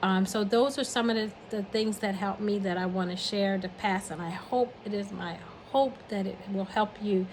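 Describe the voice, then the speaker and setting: A woman's voice: medium pitch, steady tone, moderate pace, few pauses, a little mellow, a little hiss or hum, rough recording. Earnest older woman giving encouragement. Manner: earnest, encouraging, counts off numbered points. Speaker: speaker giving a message of encouragement. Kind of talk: heartfelt spoken message.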